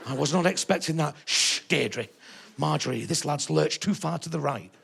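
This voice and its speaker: A comedian putting on a prim old lady at a comedy show, tutting and scandalised. She grumbles in a lowered voice with a gravelly edge, and her pitch is still higher than most men's. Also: moderate pace, fairly bright tone, full character voice. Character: prim older woman theatregoer, easily shocked.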